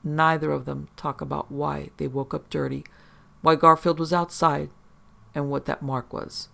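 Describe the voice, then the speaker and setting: A man narrating a first-person horror story in a steady, measured way. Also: a little high, creaky.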